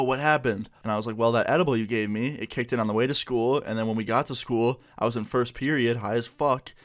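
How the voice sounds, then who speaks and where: Chatty young man telling a storytime. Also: medium pitch. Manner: relaxed, chatty, heavy use of "like"; acts out dialogue with quotes. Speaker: vlogger. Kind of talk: casual storytime.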